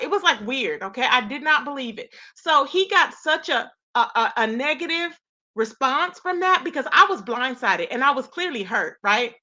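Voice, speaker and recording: A woman with a high, bright voice talks straight to her viewers in a casual vlog. She tells her side of a story with animated indignation and keeps punching her points with quick "okay?" asides. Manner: emphatic repeated tag questions. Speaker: YouTuber.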